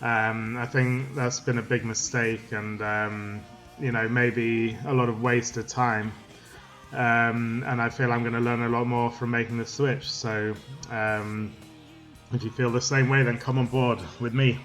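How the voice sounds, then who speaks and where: A man explaining music theory in a casual, halting way, full of ums and restarts. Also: medium pitch, level tone, a bit bright.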